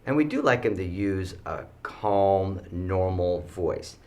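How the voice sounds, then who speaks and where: A man teaching students school rules with animated storytelling, acting out the kids' voices. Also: sits low, slow, loud music behind the voice.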